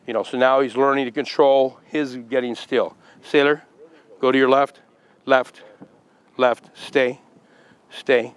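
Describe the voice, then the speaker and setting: Brief: male dog trainer, mid-pitched voice, clipped commands and easy explanations. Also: little pitch movement, a little slow, pauses often, smooth, poor audio. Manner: repeated short commands and praise to a dog; casual explaining between commands. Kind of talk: dog training demonstration with commentary.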